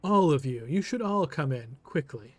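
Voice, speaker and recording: A man voicing a guarded woman gatekeeper of a secret order, speaking in a measured, formal way. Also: a little high, expressive, darkish tone, no echo, soft background music. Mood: courteous.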